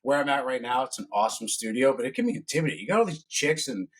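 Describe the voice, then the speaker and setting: Man, husky voice, fitness coach, casual podcast chat, animated and jokey. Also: medium pitch, rapid-fire. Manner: animated, swearing, jokey storyteller.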